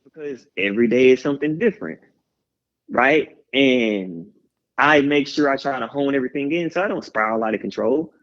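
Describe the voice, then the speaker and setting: A Houston, Texas man guesting as a musician talks openly in a candid interview, ranting and hyping people up with animated, rambling hype-man energy. His voice is medium in pitch at a normal speed, and the radio audio sounds slightly dull and lo-fi.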